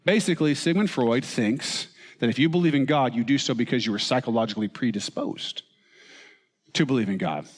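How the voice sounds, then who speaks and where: A man's voice: medium pitch, fairly quick, long reverb tail. A man preaching a sermon, asking rhetorical questions and reading quotations aloud with rising emphasis. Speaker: pastor. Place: church auditorium.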